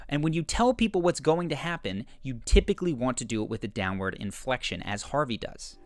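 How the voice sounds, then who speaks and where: A man narrating a scripted video essay in a measured, explanatory way. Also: mid-range voice, very animated, no room sound. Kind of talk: scripted narration analyzing show clips.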